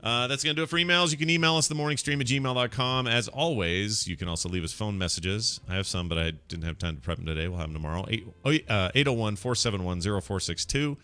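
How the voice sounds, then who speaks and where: A man hosting a podcast, talking candidly in a relaxed, joking way. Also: lowish voice, quick pace, few pauses, clean tone, no echo. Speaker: podcast host. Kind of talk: casual chat.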